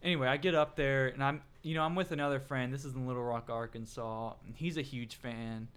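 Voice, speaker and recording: A man's voice: medium pitch, steady tone, fairly quick, fairly bright tone, smooth. A man in casual podcast chat who tells rambling stories full of restarts and fillers and pokes fun at himself. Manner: self-aware and self-mocking. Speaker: podcast co-host.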